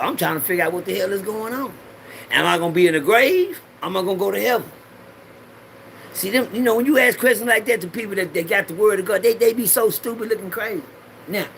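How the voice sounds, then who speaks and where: A man's voice: sits high, animated, a little fast, vocal fry, fairly bright tone, a little hiss or hum. A middle-aged man rambling through a preachy personal monologue in loose slang, swearing freely and repeating lines for the audience to say back. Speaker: vlogger.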